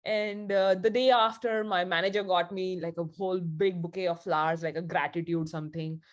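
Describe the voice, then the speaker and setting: A woman's voice: fairly low pitch, steady tone, a little fast. A woman leading a spiritual group session, telling a story in a chatty, casual way with frequent laughs. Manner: chatty, laughs often, many fillers like "like".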